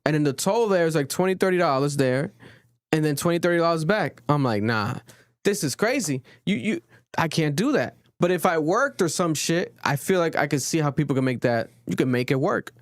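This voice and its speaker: A young man hosting a podcast in casual, rambling chat, swearing often and getting animated. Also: a little high, fairly quick, dry recording, clean studio sound. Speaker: podcast host. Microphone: studio podcast mic.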